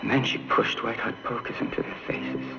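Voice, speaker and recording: A man's voice: on the low side, sing-song, vocal fry, muffled recording, over music. An actor playing a grim man who relishes telling a gruesome tale of torture, heard in an old film soundtrack. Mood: lurid. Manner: slow, relishing gruesome storytelling.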